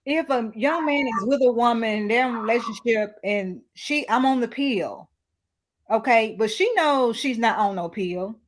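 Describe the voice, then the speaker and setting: Woman guest telling it straight, blunt frank advice, slightly high voice. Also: unhurried. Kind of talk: casual chat.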